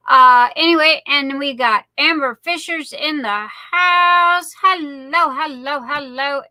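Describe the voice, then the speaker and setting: A woman, hosting a live stream and greeting each viewer in a rambling, affectionate way. Her voice sits high and sounds very bright, and she talks at an unhurried pace. The sound is dry and close, with no room echo. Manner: chatty, affectionate, rambling with many fillers. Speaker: livestream host. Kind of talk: casual chat greeting viewers.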